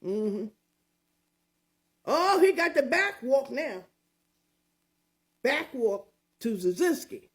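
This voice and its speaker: Sassy older woman with a lively, high voice. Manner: sassy, mocking, emphatic, drawn-out. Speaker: commentary show host. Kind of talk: opinionated commentary.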